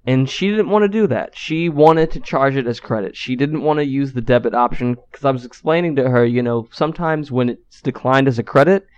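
A man's voice: medium pitch, fairly quick, hardly any pauses, clean tone, lo-fi sound. A man co-hosting a podcast, telling a story in a loose, profane style with lots of fillers. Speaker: podcast co-host. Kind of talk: casual storytelling.

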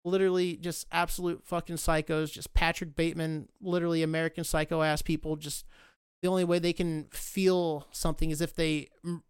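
Sarcastic guy ranting and swearing a lot, highish smooth voice, dry close mic. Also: level tone, fairly quick, no echo. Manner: profane, sarcastic, worked-up ranting. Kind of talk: casual rant.

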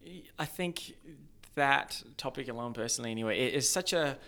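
Animated, rambling man chatting about film. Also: mid-range voice, fairly quick. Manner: animated, rambling, many restarts. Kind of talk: casual film discussion.

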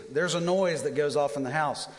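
A man in his thirties preaching a sermon, telling personal stories in an animated way with self-deprecating humor. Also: on the high side, normal speed. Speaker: pastor. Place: church auditorium. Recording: long hall reverb.

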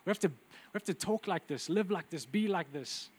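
A man preaching a sermon with intense, urgent delivery that drops to quiet, intimate asides. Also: sits high, lively intonation, moderate pace, slightly rough.

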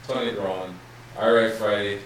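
Teasing co-host, lowish voice; distant, noisy, roomy phone recording. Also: male voice, steady tone, normal speed. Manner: playful, teasing, hype. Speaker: podcast co-host. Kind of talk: casual chat. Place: room, streamed live on a phone. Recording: echoey room, off-mic, background noise.

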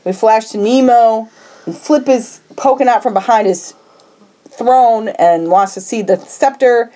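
Woman retelling a movie with lively energy. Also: on the high side, measured pace. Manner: lively storyteller who jumps into characters' voices and laughs often. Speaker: podcast co-host. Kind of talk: casual chat, animated movie recap.

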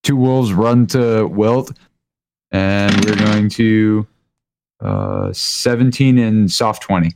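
A man playing a tabletop game, calling out rolls and damage in a relaxed, playful way with jokey sound effects. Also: fairly low pitch, takes it slowly, gravelly. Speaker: player.

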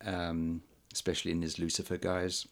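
Podcast host, male, very low voice, hesitant casual delivery with lots of fillers. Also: completely flat delivery. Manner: halting, many ums and uhs, chuckles often. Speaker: podcast host reviewing old films. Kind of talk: casual chat.

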